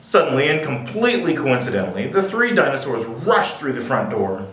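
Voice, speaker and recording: A man's voice: mid-range voice, sing-song, brisk, a bit bright. A man reading picture books aloud at a library, with playful, jokey asides. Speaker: library storyteller. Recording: echoey room, distant mic.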